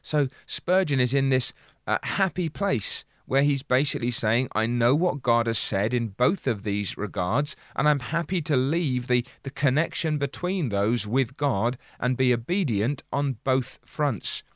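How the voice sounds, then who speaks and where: An earnest man talking through an old sermon in a measured way, pausing to read passages aloud with emphasis. His voice sits at an ordinary middle pitch. The sound is close and dry, with no room around it. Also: animated, dry recording. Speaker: preacher commenting on a sermon. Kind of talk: reflective sermon commentary.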